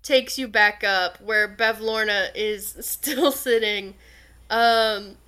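A woman's voice: medium pitch, slow, pushed and bright. A woman running a tabletop game and voicing a healer, chatting casually and joking at her own expense. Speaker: game master.

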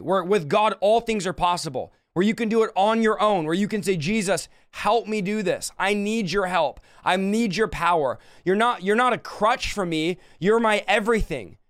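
A man's voice: high-pitched, normal speed, hardly any pauses, fairly bright tone, dry recording, studio quality. A man preaching a fervent sermon, repeating phrases and acting out quoted dialogue.

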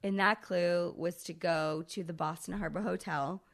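Speaking in a lowish voice at a normal speed, a woman in her thirties co-hosting a podcast recounts a lengthy personal story. Her delivery is animated, casual and full of profanity.

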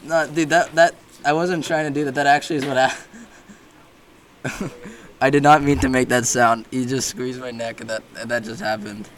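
A man's voice: medium pitch, flat delivery, brisk, hardly any pauses, a bit bright, a little hiss or hum. A young man hosting a casual podcast chat, rambling and joking with frequent laughter. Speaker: podcast host.

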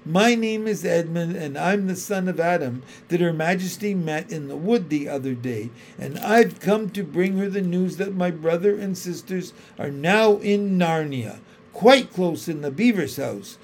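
A man's voice: sits high, lively intonation, a little slow, hardly any pauses, a little mellow, slight background noise, voice pushed up. A man voicing a frightened young boy who trembles and stammers as he speaks. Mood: trembling.

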